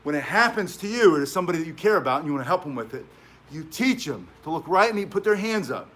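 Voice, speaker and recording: A man's voice: a little high, very animated, fast talker, fairly bright tone. Chatty middle-aged self-defense instructor, man. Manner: conversational, chatty asides, frequent "right?". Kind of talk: casual instructional talk.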